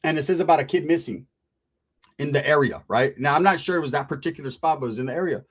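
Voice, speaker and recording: Man, podcast guest, fairly high voice, casual profane storyteller. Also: breathy edge. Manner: profane, slangy, streetwise; animated, drawn-out telling with frequent "right?".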